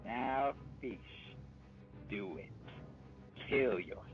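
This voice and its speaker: A man's voice: mid-range voice, extremely slow, narrow, tinny audio, soft background music. A man voicing a ruthless young man with mystic powers who gives cold, mocking commands. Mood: commanding.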